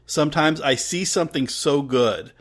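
A man hosting a podcast, talking casually with frequent stammered restarts. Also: on the high side. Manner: halting, stammering restarts, friendly sign-off. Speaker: podcast host.

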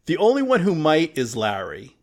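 A man co-hosting a casual film discussion, musing out loud with hesitant restarts. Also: on the high side, wildly swooping pitch, normal speed. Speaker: podcast co-host.

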